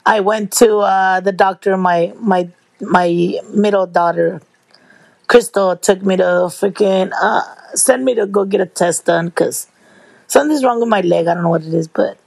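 A middle-aged woman telling stories to her viewers in a casual, lively way, laughing and swearing freely. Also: mid-range voice, a little slow, gravelly, dry recording. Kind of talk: casual storytelling.

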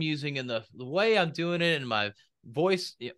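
A man's voice: fairly high pitch, animated, moderate pace, a bit bright, clear, resonant tone. A man talking casually in a podcast conversation about speaking and business, and he acts out quoted voices.

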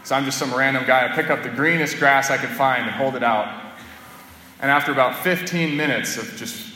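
A man's voice: medium pitch, a little fast, bright, forceful tone, a little hiss or hum. A man giving a homily as a Catholic priest, speaking in a conversational, storytelling way. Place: church. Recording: echoey church with long reverb.

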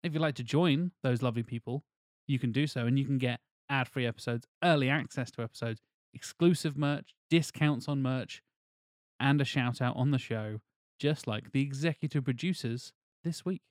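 A man's voice: mid-range voice, moderate pace, no room sound, studio quality. A man hosting a casual podcast, joking with his co-hosts and reading out supporter names. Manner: jokey, reads out supporter names. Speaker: podcast host.

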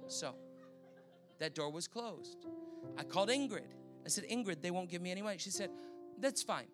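A high-pitched Canadian man gives a sermon testimony, telling the story with animated energy and acting out the voices of people he quotes. Music plays clearly under his voice throughout. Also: moderate pace. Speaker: preacher.

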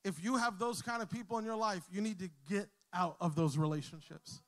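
A male pastor with a high, bright-pitched voice delivers a sermon to his congregation. He tells stories with easy humor, then climbs in volume and intensity until he is shouting. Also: a little fast. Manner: storytelling, jokes with the crowd, builds to shouting. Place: church hall with a congregation.

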